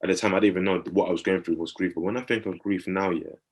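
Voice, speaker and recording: A man's voice: sits low, fairly even intonation, racing, husky. A man in his thirties, a podcast co-host, telling a personal story in an earnest, reflective way and often checking in with his listener.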